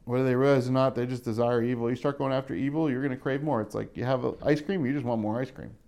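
A man's voice: mid-range voice, fairly even intonation, fast, gravelly, a little mellow. Chatty man teaching scripture verse by verse. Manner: conversational, chuckles often, acts out quoted voices. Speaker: pastor teaching a Bible study. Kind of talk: casual verse-by-verse Bible teaching.

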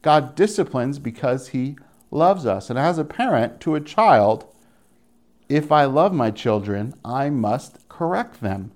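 Animated young male preacher. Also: medium pitch, a little slow. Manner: animated, acts out quoted voices, chuckles. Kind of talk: sermon.

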